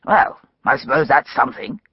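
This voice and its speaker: A woman voicing a brisk, cheerful middle-aged male police surgeon, wry and matter-of-fact, for an audiobook. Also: very deep voice, lively intonation, slightly rough, no echo, highs cut off, pitched below the performer's own voice, full character voice.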